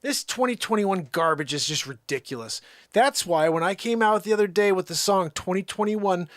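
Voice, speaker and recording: A man's voice: high voice, moderate pace, no room sound, clean studio sound. A man hosting a livestream, ranting in a heated, sarcastic and exasperated way. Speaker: livestream host. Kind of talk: ranting live commentary.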